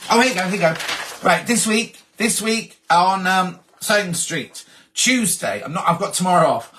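A man's voice: high voice, animated, normal speed, fairly bright tone. A man hosting a casual live stream, reading out viewer messages in a chatty, rambling way and often breaking off mid-sentence. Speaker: host.

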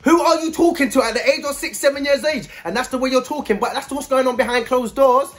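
A man's voice: extremely high pitch, fast talker, very noisy. A man giving a blunt, scolding video commentary full of street slang.

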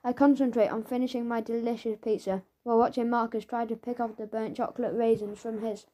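Mellow woman narrating a children's book. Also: fairly high pitch, brisk. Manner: lively first-person storytelling as a schoolboy. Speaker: audiobook narrator.

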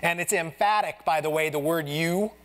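A male pastor gives a conversational sermon in a church, his voice sitting a little high for a man. He explains the passage as if chatting with friends and slips into the voices of the characters as he tells their story. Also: moderate pace. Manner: casual, chatty teaching, addresses the congregation as "you guys"; acts out the Bible characters in lively voices. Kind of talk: expository sermon. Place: church sanctuary.

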